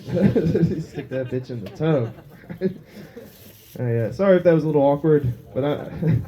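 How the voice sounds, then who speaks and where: A man's voice: on the high side, mellow. A man doing a crude, self-mocking stand-up set on a small pub stage, laughing at his own jokes. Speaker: stand-up comedian.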